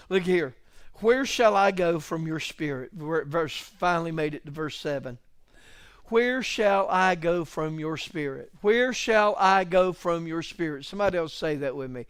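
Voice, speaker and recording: A middle-aged pastor preaches with a high, smooth voice and an unhurried delivery. He drops to near-whispers, then rises to loud exclamations and calls out to his congregation. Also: lively intonation, no room sound, studio quality. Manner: swings between hushed musing and loud exclamations. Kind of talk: sermon. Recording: live church service stream.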